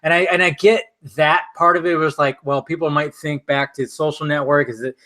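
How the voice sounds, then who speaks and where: Male stream host, slightly high voice, tipsy, loose and profane, rambling. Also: a little fast. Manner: animated, profane, rambling with restarts. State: tipsy from vodka. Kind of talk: casual film chat on a drinking stream.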